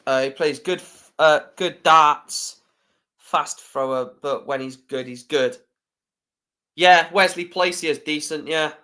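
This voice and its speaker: Casting note: man, fan streamer doing match commentary, slow delivery, chatty and sweary. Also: fairly high pitch, pushed and bright, clean tone. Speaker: live stream host.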